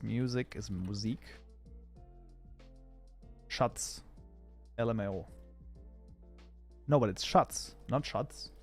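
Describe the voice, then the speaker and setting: A man's voice: medium pitch, darkish tone. A man whose first language is German, chatting casually with his live-stream chat while coding, often breaking into mock outrage. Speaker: streamer, mod programmer.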